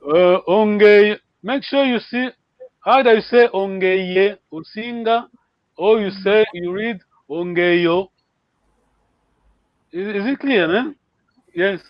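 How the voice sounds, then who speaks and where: A man's voice: high-pitched, a little slow, dry recording, dull audio. A man teaching a live online language lesson, encouraging learners and repeating words for them to copy.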